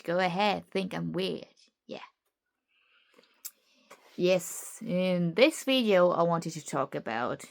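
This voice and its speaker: A German woman with a slight German accent in her English, talking candidly and searchingly in a personal vlog with frequent restarts. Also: medium pitch. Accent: German-tinged English. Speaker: content creator.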